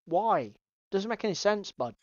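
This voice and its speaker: A man's voice: high voice, very animated, unhurried, darkish tone, no room sound, muffled recording. A man co-hosting a casual livestream chat, rambling, swearing often and laughing. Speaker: co-host.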